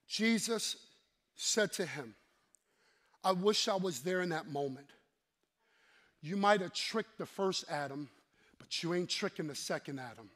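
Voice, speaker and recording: A man's voice: high-pitched, expressive, unhurried, pauses often, fairly bright tone. A man preaching a sermon with emphatic, repetitive declarations, leading his congregation in call-and-response and slipping in playful asides.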